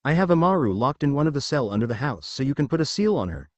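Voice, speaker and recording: A man's voice: mid-range voice, sing-song, fast talker, no echo, natural voice. A man voicing a smug, scheming young male ninja in a taunting, mock-friendly way, read from a fan story. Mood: stern.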